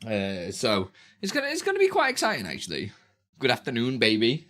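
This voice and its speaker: This British streamer talks quickly in a medium-pitched, slightly bright voice with huge pitch swings. Sitting near his desk mic in a small room at home, he chats casually, laughs frequently, and drifts into playful sing-song baby talk.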